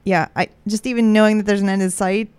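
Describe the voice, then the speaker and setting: A woman's voice: medium pitch, fast talker, clear, resonant tone, no echo. Chatty, laughing woman podcast host. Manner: chatty, laughs often, animated storytelling. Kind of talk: casual chat.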